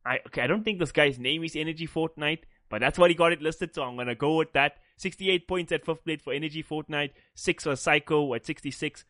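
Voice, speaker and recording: A man's voice: a little high, fairly quick, hardly any pauses, a bit bright, dry recording, studio quality. A man from South Africa co-hosting a casual esports podcast, joking and teasing himself. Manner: joking, self-mocking, swears. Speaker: podcast co-host.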